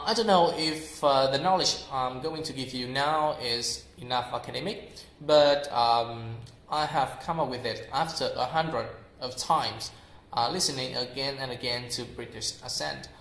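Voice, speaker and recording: A young man with a Vietnamese accent giving an informal English lesson, filling pauses with "uh" and saying example words aloud again and again. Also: medium pitch, a bit bright, reverberant. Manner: explains slowly with many fillers and repeats example words aloud. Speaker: English teacher.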